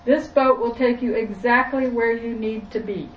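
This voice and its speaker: A woman's voice: a little high, fairly even intonation, moderate pace, highs cut off, a little hiss or hum, lightly acted. A woman voicing an easygoing male boat captain with a put-on Southern accent, in a roomy, distant recording. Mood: laid-back.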